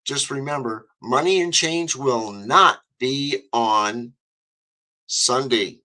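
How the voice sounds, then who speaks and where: A man's voice: medium pitch, slow, sharp tone, rough recording. A man hosting a talk radio show, rambling and chatty with many fillers.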